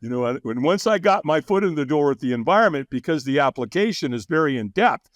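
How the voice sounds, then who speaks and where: A man telling stories as a guest on a podcast, animated and quick to laugh, often acting out what others said. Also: a little high, no echo. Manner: animated, acts out quoted voices, laughs often. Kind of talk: casual interview storytelling.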